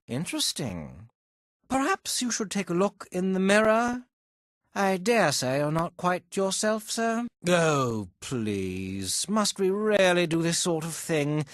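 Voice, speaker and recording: Foppish necromancer dandy, snobbish and mocking; voice leaps all over, recorded dry. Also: male voice, fairly high pitch, no room sound, exaggerated voice. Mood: sneering, disdainful. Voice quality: plummy, theatrical, lots of bursting laughs. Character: haughty foppish male necromancer companion, sneering. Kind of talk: game voice acting. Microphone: close studio mic.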